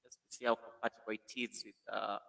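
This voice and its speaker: A man's voice: lowish voice, level tone, a little fast, creaky, pushed and bright. A man hosting a casual live stream, animatedly greeting viewers by name while testing a new computer mic in an echoey room.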